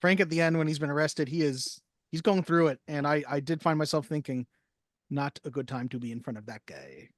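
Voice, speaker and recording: A man co-hosting a movie podcast, chatting casually with quick jokes. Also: a little high, lively intonation, dry recording, studio quality. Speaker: podcast co-host. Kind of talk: casual chat.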